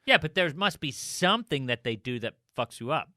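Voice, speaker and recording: A man with a high, bright voice chats on a podcast, his pitch swinging widely. He curses easily and walks through motions step by step. The close, dry recording keeps every word sharp. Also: very animated, a little fast, no room sound. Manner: profane, explains by describing gestures. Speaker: podcast co-host. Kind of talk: casual chat.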